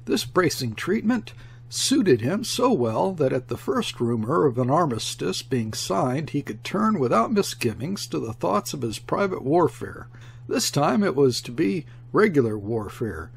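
A man reading a classic novel aloud as an audiobook narrator, expressive, and shifting his tone for the characters' quoted lines. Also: fairly high pitch, measured pace, gravelly, husky. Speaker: audiobook reader. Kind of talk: scripted narration.

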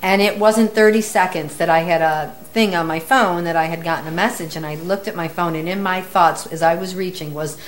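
Middle-aged woman medium, relaxed storyteller with a lowish voice who acts out the quotes. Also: a little fast, few pauses. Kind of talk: casual storytelling.

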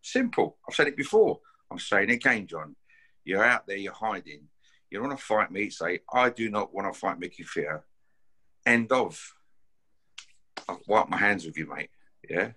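A fiery man throwing down a fight challenge, his voice pitched low yet cutting and forceful. He talks bluntly, swears freely and keeps jabbing in "yeah?" and "mate". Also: expressive, normal speed, long pauses, husky. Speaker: bare-knuckle fighter issuing a challenge. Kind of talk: confrontational call-out to camera.

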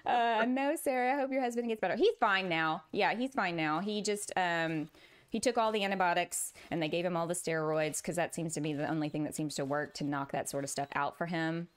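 A woman's voice: on the low side, brisk. A woman with a Southern US accent, streaming a building game and chatting casually with viewers while laughing often. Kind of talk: casual chat.

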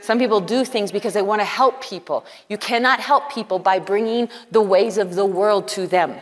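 A woman's voice: mid-range voice, moderate pace. A woman preaching at a women's conference, earnest and conversational, often quoting dialogue. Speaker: conference speaker. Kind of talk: sermon. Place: large conference hall. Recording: hall reverb.

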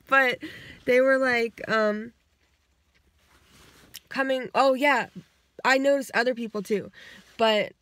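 Casual woman vlogger, rambling, animated quoting, dry close sound, car. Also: a little high, measured pace, long pauses, no room sound. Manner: rambling and animated, acts out quotes, swears freely. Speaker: vlogger retelling her dreams. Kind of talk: casual storytelling. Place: inside her car.

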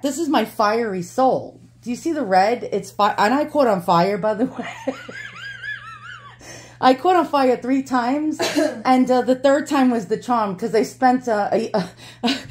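A woman's voice: fairly high pitch, darkish tone. A middle-aged woman with a New York accent, chatting casually and giggling as she shows her glass collection. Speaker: antique collector vlogger. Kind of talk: casual show-and-tell.

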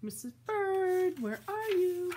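An older woman voicing an anxious grown male bird husband in a high, tearful, fretful voice for a storybook read-aloud. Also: sing-song, slow pace, dark tone, slight background noise, full character voice. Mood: distraught.

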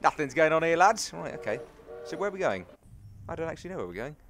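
Very animated and quick, this young English gaming YouTuber has a slightly high, fairly bright voice and a British accent. He mocks himself while chatting through a video game, with game music playing behind him.

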